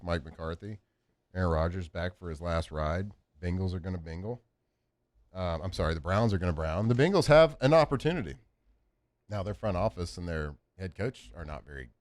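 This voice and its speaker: A man's voice: deep voice, no echo. A man hosting a sports radio show, talking casually and animatedly with lots of fillers, in a studio. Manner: animated, rambling with many fillers.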